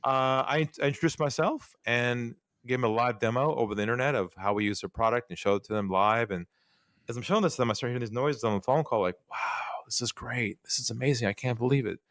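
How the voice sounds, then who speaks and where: A sales trainer on a podcast, with a mid-range voice and quick pace, animatedly acts out dialogue while telling interview stories. There's no echo, and the studio sound is clean.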